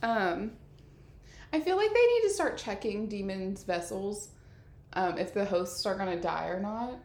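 A woman's voice: medium pitch, expressive, a little slow, a little mellow. A woman co-hosting a casual podcast, teasing and laughing often as she summarizes the episode. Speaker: podcast co-host. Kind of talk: casual recap chat. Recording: echoey room.

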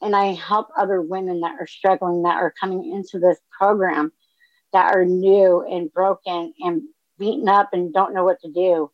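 A woman giving an earnest, emotional personal testimony to a group, talking openly with frequent pauses and ums. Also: fairly low pitch, level tone, dry recording, muffled recording. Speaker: recovery speaker sharing her story.

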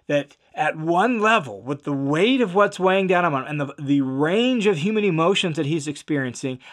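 Slightly high-voiced man teaching scripture. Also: fairly bright tone. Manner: conversational, with fillers and restarts, stresses key words. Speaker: Bible teacher. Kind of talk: casual verse-by-verse Bible teaching.

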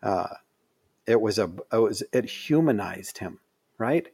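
A man's voice: on the low side, expressive, a little slow, darkish tone, breathy edge. A middle-aged man telling a story in casual conversation, rambling with lots of fillers and restarts. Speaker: guest.

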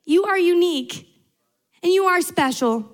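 A woman's voice: very high voice, lively intonation, measured pace. A young adult woman preaching a sermon to a large church, earnest and emphatic, building through repetition.

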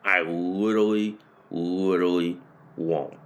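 A man hosting a podcast, ranting and hammering the same phrases over and over, rising to shouted peaks. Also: low voice, fairly even intonation, unhurried. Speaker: podcast host. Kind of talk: political rant.

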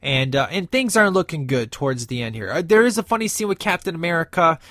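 A man's voice: fairly high pitch, very animated, fast talker, a bit bright, no room sound, clean studio sound. A man giving a casual, enthusiastic movie review, rambling with many fillers and restarts.

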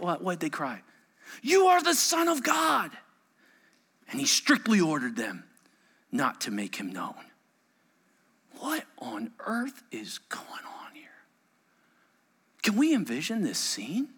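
A man preaching a sermon, telling stories with lively acted-out voices and swinging from loud exclamations to hushed asides. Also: high voice. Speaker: pastor.

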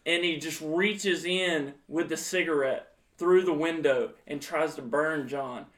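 High-voiced young man swearing through a story. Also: measured pace. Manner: profane, animated, laughs while telling. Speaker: podcast co-host. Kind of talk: casual storytelling with friends.

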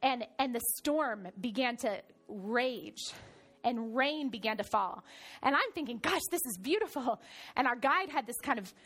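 High-voiced woman pastor preaching. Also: unhurried. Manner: animated storytelling, swings from soft to loud. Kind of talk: sermon.

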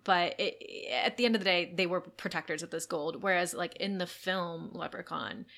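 A woman from the Los Angeles area with a low, gravelly voice. She talks chattily on a casual film podcast, her tone sharp and forceful and her speech full of fillers. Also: moderate pace. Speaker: podcast co-host.

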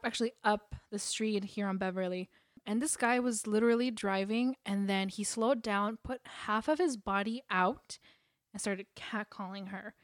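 A woman's voice: medium pitch, no room sound. Dry close-miked young woman telling stories. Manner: animated storytelling with sarcastic quoted asides. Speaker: podcast co-host. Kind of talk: casual chat.

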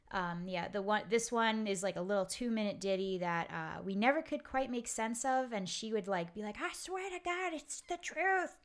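A woman's voice: medium pitch, clean tone. A woman hosting a podcast, telling a family story in a rambling, casual way full of fillers and asides. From Pennsylvania. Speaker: podcast host.

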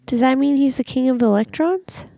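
A woman's voice: high-pitched, brisk, vocal fry, warm tone, no echo, studio quality. Curious woman full of questions. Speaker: listener. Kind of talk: casual chat, joking.

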